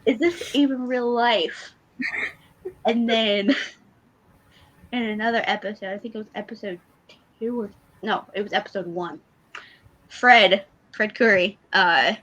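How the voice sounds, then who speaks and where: A woman co-hosting a podcast in casual chat, telling fan stories in an excitable, giggly way. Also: medium pitch, a little slow, pauses often, highs cut off. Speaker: podcast co-host.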